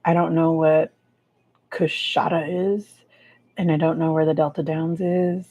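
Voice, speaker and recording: A woman's voice: sits low, little pitch movement, measured pace. Giggly 40s woman chatting w/ her viewers, bit dull lo-fi sound. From California. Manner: giggly, chatty, laughs often. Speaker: livestream host. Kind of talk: casual livestream chat with viewers.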